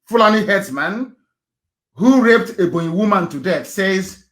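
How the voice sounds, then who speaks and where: A man giving an impassioned live political broadcast, rhetorical and repetitive, swinging from loud outbursts to low muttering. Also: animated, moderate pace. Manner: repeats phrases and asks rhetorical questions.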